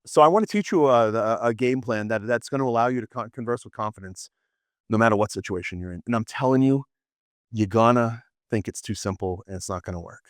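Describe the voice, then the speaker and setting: Man, teacher, lively classroom talk, storytelling, quick restarts, dry sound. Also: on the low side, no room sound. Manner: animated, storytelling, frequent restarts and laughs. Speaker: apologetics teacher. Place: classroom with students.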